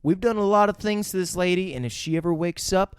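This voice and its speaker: A calm, menacing male crime boss, voiced by a man quoting him, speaks in a slow, measured way. The voice sits a touch high and is recorded close and dry. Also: clear, resonant tone, no room sound, lightly acted. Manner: slow, measured, drawn-out delivery.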